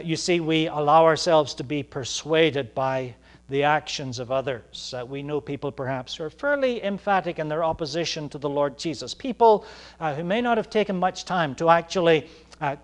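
A man preaching a sermon, halting often on fillers, then pressing points with rising emphasis. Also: fairly high pitch.

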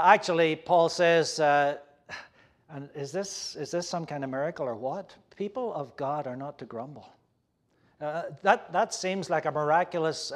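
A man preaching a sermon in an earnest, halting way, with many fillers and restarts, growing louder when he voices complaints. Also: fairly high pitch. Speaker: pastor.

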